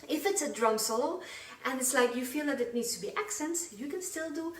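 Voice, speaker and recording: A woman's voice: high voice, normal speed, distant mic, slight background noise. A woman teaching a live online belly dance class, counting beats aloud while she dances and slightly out of breath. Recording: roomy sound from away from the mic, loud music. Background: loud Middle Eastern music.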